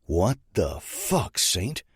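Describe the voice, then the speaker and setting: A man's voice: deep voice, very animated, very slow, husky, dry recording, clean studio sound, exaggerated voice. A man voicing a tough male mafia don who talks in blunt, clipped lines. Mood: tense. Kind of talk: audiobook character voice.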